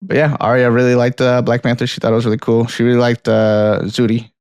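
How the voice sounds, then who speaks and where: A man co-hosting a film podcast, chatting casually in a relaxed, rambling way with frequent laughs. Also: mid-range voice, quick pace, smooth, no room sound. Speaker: podcast co-host. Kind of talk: casual chat.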